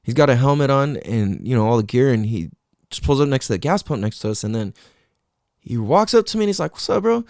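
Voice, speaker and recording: A man's voice: mid-range voice, lively intonation, a little fast, darkish tone, no room sound, clean studio sound. A man hosting a podcast, telling a story casually and swearing a lot. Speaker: podcast host.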